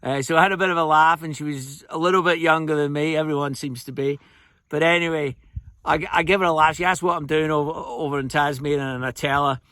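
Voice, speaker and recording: A chatty Scottish man in his fifties spins rambling, jokey stories outdoors on a remote road. His voice sits a touch high, and the sound is close and dry with no room around it. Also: a bit bright, dry recording. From Scotland. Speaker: fly-tying vlogger. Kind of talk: casual anecdotal storytelling.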